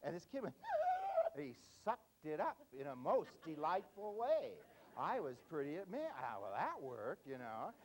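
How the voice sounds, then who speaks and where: A man's voice: on the high side, sing-song, moderate pace, background noise. An older man giving a humorous parenting lecture, folksy, telling a story and tagging his points with "see?". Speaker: parenting speaker.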